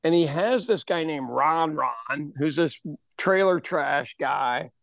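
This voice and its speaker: A man of about sixty co-hosting a podcast, telling stories in an animated, casual way and laughing often. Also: on the high side, slow pace, gravelly, no room sound, clean studio sound. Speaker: podcast co-host, pub owner. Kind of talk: casual chat.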